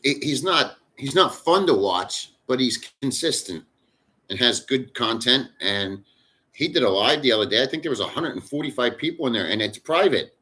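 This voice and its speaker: A middle-aged man talks loosely to his live chat from his home in the Philippines. His voice is bright and forceful, and he rambles bluntly with plenty of swearing. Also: mid-range voice, animated, normal speed. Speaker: livestream host. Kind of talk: casual live chat with viewers.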